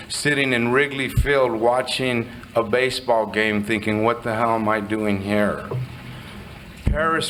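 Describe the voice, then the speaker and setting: A middle-aged man from Southern California, sharing his recovery story in a candid, animated way and swearing casually. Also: mid-range voice, a little hiss or hum, poor audio. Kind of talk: personal storytelling speech.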